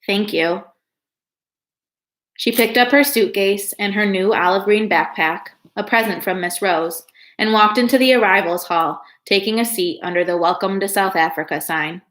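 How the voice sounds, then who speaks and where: A woman reading a children's novel aloud, in a calm and steady storytelling manner. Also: medium pitch, normal speed. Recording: echoey room.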